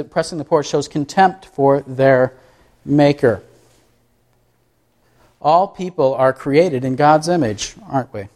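A man preaching a sermon, asking his listeners questions and answering them himself, swinging up high and loud for emphasis. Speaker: pastor.

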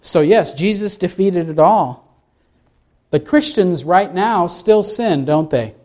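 A man's voice: high-pitched, lively intonation, slow pace, a little mellow. A man preaching a sermon, reading scripture and asking the congregation questions as he explains it. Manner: asks the congregation questions, reads scripture aloud. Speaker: pastor.

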